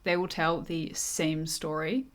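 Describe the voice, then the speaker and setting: A woman's voice: low voice, little pitch movement, takes it slowly. A woman co-hosting a personality class, explaining definitions step by step in a lesson style. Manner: methodical, lays out definitions step by step. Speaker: co-host teaching personality typing.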